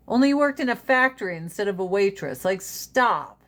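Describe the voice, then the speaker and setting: Woman, casual livestream host on a phone, blunt, profane and animated. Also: medium pitch, normal speed.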